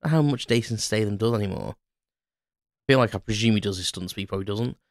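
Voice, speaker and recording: A man's voice: fairly low pitch, fast, a little mellow, dry recording, clean studio sound. A man hosting a podcast, rambling in a casual solo monologue with lots of fillers and self-mocking asides. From Ireland. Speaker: podcast host.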